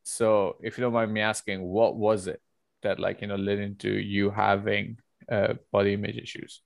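A man's voice: fairly low pitch, normal speed, creaky, no room sound. Chatty man, dry close sound. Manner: animated storyteller, hesitant fillers. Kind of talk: casual chat.

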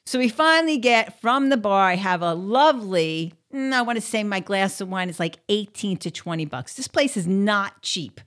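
A woman's voice: medium pitch, animated, moderate pace, few pauses, a bit bright. A woman telling a casual story to the camera, chatty and blunt, with plenty of swearing and filler words.

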